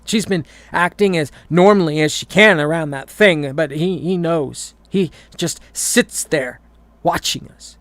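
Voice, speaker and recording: A man's voice: a little high, a little slow, a bit bright, no echo. A man reading a horror story aloud, often stumbling and repeating words.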